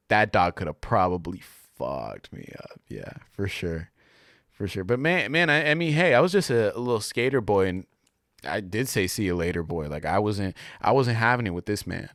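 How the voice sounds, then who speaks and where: A man's voice: on the low side, fairly bright tone, no room sound, studio quality. A young adult man hosting a casual solo podcast monologue, rambling and slangy, full of fillers as he tells a story. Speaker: podcast host.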